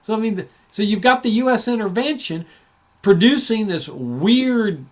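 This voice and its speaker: Male host with a raised pitch, delivering a fired-up, mocking political monologue. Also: animated, unhurried. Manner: impassioned, sarcastic, full of restarts. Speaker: talk show host.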